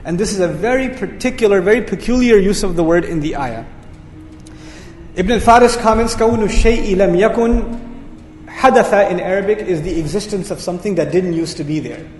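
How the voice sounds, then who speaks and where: Male Quran teacher, quick delivery, repeats key points, roomy lecture-hall echo. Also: sits high. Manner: energetic explaining, repeats key words. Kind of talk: lecture on Quranic word meanings. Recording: echoey hall reverb.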